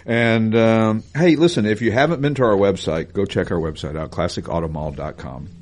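A man's voice: on the low side, moderate pace, a little mellow. A man hosting a casual car podcast, joking and rambling, often correcting himself. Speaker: podcast host, classic car dealer. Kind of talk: casual chat.

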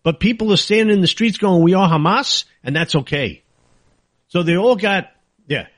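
A man's voice: high-pitched, expressive, normal speed, no echo. A man hosting a political talk show, ranting angrily and sarcastically in a monologue. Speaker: talk radio host.

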